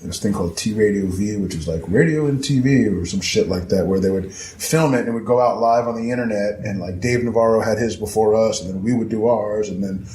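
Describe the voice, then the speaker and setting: A man guest telling his story in casual, rambling talk, swearing freely and acting out quotes with sudden jumps in pitch. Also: fairly quick, few pauses, a little mellow. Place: historic house indoors. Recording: echoey room, faint noise.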